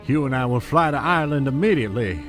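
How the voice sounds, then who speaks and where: Man doing a bossy secretive husband, gruff, music in the back. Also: medium pitch, expressive, fast talker, lightly acted. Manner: gruff and commanding.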